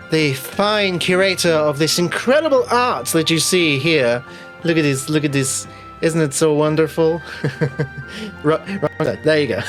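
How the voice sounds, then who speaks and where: A game master and show host giving rambling, self-mocking announcements before a tabletop stream, swearing playfully. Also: medium pitch. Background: faint background music.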